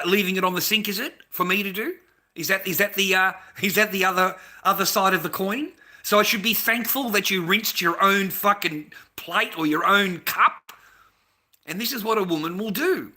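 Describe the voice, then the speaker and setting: Middle-aged aussie bloke ranting at his viewers, swearing nonstop, tense sharp voice a bit high. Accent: Australian. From Australia. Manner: profane, rambling, lecturing. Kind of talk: casual rant to viewers.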